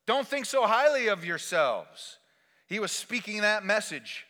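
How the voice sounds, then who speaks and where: A man preaching a sermon as pastor, swinging between loud exhortation and quiet, intimate asides. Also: high voice, very animated, measured pace, long reverb tail.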